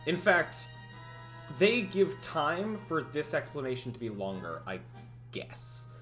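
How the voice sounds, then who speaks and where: A man chatting casually on a livestream, rambling through his plans and cutting himself off mid-thought. His voice sits a bit high and moves a lot, with faint music playing behind. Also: big pitch swings, takes it slowly, fairly bright tone. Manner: rambling, self-interrupting, laughs often. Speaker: livestreaming game developer. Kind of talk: casual thinking-aloud chat.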